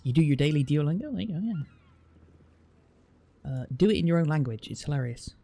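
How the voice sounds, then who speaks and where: Soft music sits behind this British streamer as he reads viewer comments in casual conversation, restarting often while explaining at length. His voice is a little high, mellow and fry-tinged, moving fairly quickly with lively intonation.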